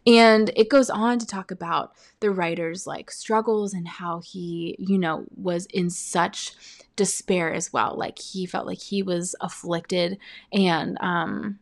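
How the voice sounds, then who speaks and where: Gravelly young woman giving earnest testimony. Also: lowish voice, steady tone. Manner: earnest, halting, filled with "um" and "like". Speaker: speaker sharing a faith testimony. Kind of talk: personal testimony.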